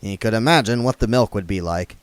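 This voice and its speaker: A man reading a novel aloud with expressive narration. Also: on the low side, fairly quick, smooth, no echo. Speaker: audiobook reader. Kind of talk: book read aloud.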